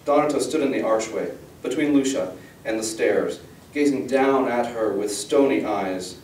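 A man, the author, giving an expressive, measured reading of his fantasy novel. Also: mid-range voice, recorded from a distance, a little hiss or hum. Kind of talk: dramatic fantasy book reading. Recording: echoey room, voice from the mic.

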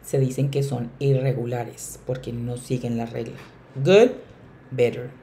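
A woman teacher explaining grammar emphatically, often repeating key words and slowing down on examples. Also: a bass voice, steady tone, dark tone, slight background noise. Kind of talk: bilingual classroom explanation.

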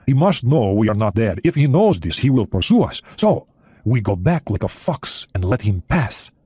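A man voicing a seasoned, commanding Soviet submarine captain who talks deliberately in an audiobook reading. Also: on the low side, very animated, dark tone, breathy edge, dry recording. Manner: commanding, deliberate, with small hesitations.

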